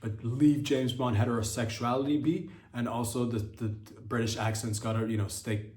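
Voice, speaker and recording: A man's voice: medium pitch, fairly even intonation, normal speed, a little mellow, echoey room. A man hosting a comedy podcast, ranting casually in a rambling, profane style with many restarts.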